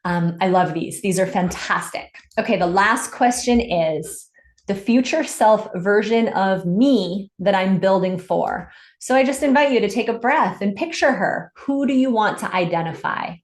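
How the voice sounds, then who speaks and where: A woman's voice: medium pitch, measured pace. A woman hosting a live online coaching session, upbeat and encouraging, reading out comments from the chat and affirming them. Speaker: summit host and business coach. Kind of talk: live webinar coaching talk. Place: home in Santa Cruz. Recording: echoey room.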